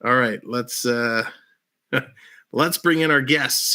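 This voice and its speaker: A man's voice: medium pitch, slow, long pauses, sharp tone, clean tone. A man hosting a livestream in casual chat, upbeat and laughing often. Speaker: livestream host.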